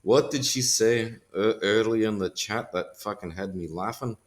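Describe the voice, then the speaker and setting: A man with a very low-pitched voice, talking casually as a guest on a podcast. He speaks in quick bursts, laughs often and restarts his sentences. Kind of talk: casual conversation.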